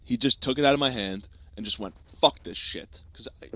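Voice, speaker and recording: A young man hosting a podcast, telling a comic story in a profane, animated style and acting out quick asides. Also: mid-range voice, slight background noise. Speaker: podcast host. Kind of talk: comedic storytelling monologue.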